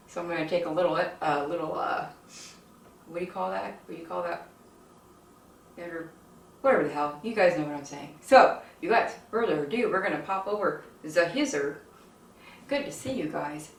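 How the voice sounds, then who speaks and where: Low-voiced lady chatting to her viewers, kinda out of breath, echoey room, mic sits back a ways. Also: moderate pace, long pauses, far from the mic, slight background noise. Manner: rambling, filler-heavy and emotional, addresses viewers as "you guys". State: short of breath. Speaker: home cooking channel host. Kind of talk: chatty cooking vlog. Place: home kitchen. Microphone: camera on a tripod.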